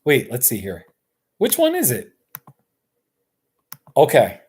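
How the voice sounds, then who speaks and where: An American man from Colorado chatting casually with his viewers on a live stream, excitable and chuckling often. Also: mid-range voice, slow, slightly rough. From Colorado, USA. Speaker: YouTuber hosting a live stream.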